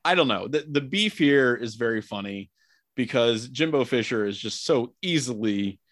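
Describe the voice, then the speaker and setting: A man's voice: medium pitch, lively intonation, normal speed, dry recording, clean studio sound. A man hosting a casual sports podcast, chatty and joking, rambling with many fillers. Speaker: podcast host.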